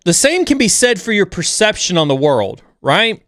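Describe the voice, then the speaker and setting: A man's voice: sits high, sing-song, moderate pace, fairly bright tone, dry recording, clean studio sound. A man hosting a livestream chat, talking bluntly and with lots of energy, sometimes mocking others in an overreactive voice. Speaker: stream host.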